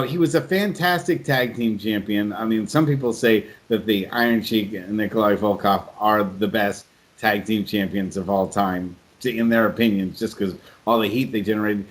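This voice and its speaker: Man, podcast host, casual, halting long questions, lowish pitch.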